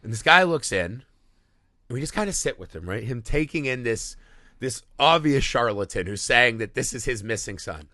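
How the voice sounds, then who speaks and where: A man co-hosting a casual movie podcast, retelling scenes in a profane, animated way and acting out bits of dialogue. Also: mid-range voice, moderate pace, no echo, clean studio sound. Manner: animated, profane scene recaps with acted-out voices. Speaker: podcast co-host.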